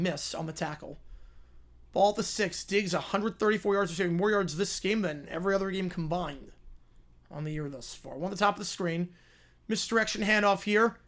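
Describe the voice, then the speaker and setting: High-voiced man calling football plays. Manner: rises and slows into excited calls on big plays, drops to quiet asides answering chat. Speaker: live stream host doing play-by-play. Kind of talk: live play-by-play and chat with viewers.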